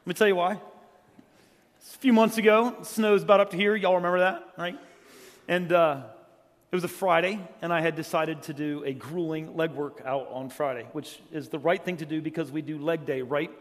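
A middle-aged man from South Carolina preaching in a church, telling funny stories in a casual way and then turning quiet and earnest. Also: fairly high pitch, fairly even intonation, moderate pace. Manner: joking, conversational, swings from loud storytelling to quiet earnest. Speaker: guest preacher. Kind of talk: humorous storytelling sermon. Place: church sanctuary. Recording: long church hall reverb.

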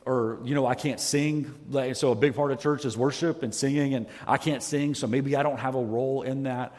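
This pastor's brisk, steady, slightly mellow voice sits at medium pitch and carries a big-room sound from the church sanctuary. Preaching on a headset microphone, he comes across as earnest and self-deprecating, frequently starting his sentences over.

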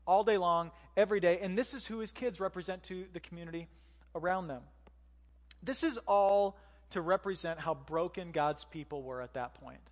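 A man's voice: high voice, moderate pace. Male preacher, conversational sermon, rhetorical questions, reverberant church hall. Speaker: pastor.

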